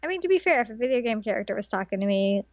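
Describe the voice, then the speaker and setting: A woman co-hosting a casual chat, retelling a show in a giggly, sarcastic, animated way. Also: fairly high pitch, racing, highs cut off. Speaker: podcast co-host.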